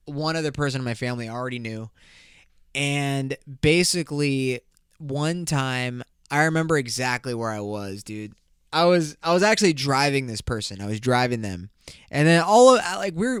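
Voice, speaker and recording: A man's voice: mid-range voice, a bit bright, smooth, no room sound, clean studio sound. A young man hosting a solo podcast, telling stories in a crude, rambling way, swearing freely and laughing often. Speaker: podcast host. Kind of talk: casual solo podcast storytelling.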